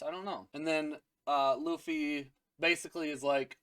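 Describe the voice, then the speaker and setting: A man's voice: on the high side, steady tone, moderate pace, fairly bright tone, smooth, no echo, studio quality. A man hosting a casual episode recap, rambling, crude and jokey. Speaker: anime recap host.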